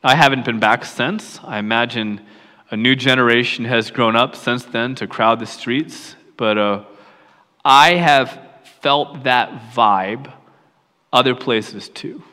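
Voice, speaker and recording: Guy preaching a story, middle-aged, goes real quiet and hushed sometimes, big hall reverb. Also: medium pitch, slow. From York, Pennsylvania, USA. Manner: storytelling, drops to a hushed near-whisper at times. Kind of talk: personal story in a sermon.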